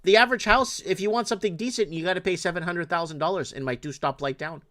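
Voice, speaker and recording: High-voiced blunt Canadian man. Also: fast, a bit bright. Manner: blunt, profane storytelling with repeated words. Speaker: host. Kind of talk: casual chat.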